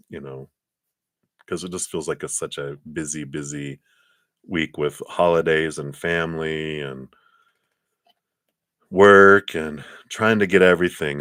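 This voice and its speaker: A man giving live tarot readings in a gentle, meandering way, with many fillers and soft laughs. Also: very deep voice, no echo, studio quality. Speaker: tarot card reader.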